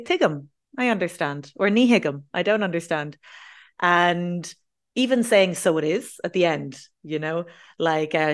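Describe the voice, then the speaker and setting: Irish woman, language teacher, lively explainer, slightly low voice. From Ireland. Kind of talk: explaining in an interview.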